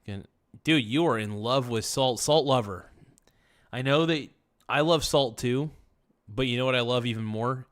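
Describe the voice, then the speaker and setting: A man's voice: medium pitch, moderate pace. A man hosting a casual livestream, rambling and joking with viewers in chat. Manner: rambling, jokey, chants silly phrases. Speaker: livestream host.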